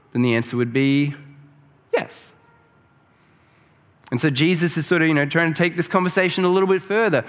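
A man's voice: a little high, fairly bright tone. A man preaching a sermon, explaining scripture in a conversational way that builds to emphatic peaks. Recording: long reverb of a large hall.

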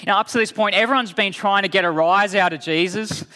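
Male preacher, bright high voice, unhurried solemn delivery, church hall. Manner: slow, deliberate preaching that drops low and quiet for solemn lines. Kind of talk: sermon. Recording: long hall reverb.

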